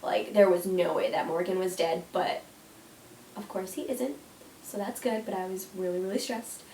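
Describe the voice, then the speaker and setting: A woman's voice: medium pitch, steady tone, moderate pace, mellow, slight background noise. Gushing young woman in an echoey room. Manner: gushing, emotional, many "like" and "oh my gosh". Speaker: YouTuber. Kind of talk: casual vlog countdown. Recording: echoey room, mic at a distance.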